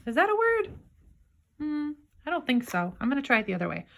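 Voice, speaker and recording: Bright-voiced woman teaching phonics. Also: high voice, sing-song, creaky. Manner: patient, sounding out words slowly. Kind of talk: remote phonics lesson for young children. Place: home, downstairs room.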